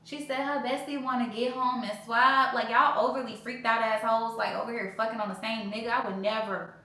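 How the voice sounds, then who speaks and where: Blunt, animated woman in an echoey room. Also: a little fast. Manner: animated, blunt, profane, mimics others with sudden high loud outbursts. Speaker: podcast host telling her breakup story. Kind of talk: casual storytelling vlog. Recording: very echoey room, faint background noise.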